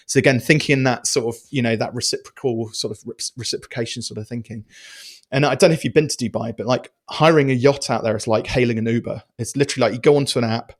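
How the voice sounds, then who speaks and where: A man, a podcast guest telling stories in a casual, animated way with many restarts. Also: mid-range voice, fast talker. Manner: animated, chatty storyteller with many restarts and fillers. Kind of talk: casual storytelling interview.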